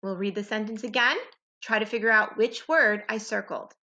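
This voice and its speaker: Woman, primary teacher reading slowly to small kids, bright animated delivery, dull lo-fi home recording. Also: medium pitch. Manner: slow, clear, exaggerated sentence modeling for young kids. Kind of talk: children's phonics lesson.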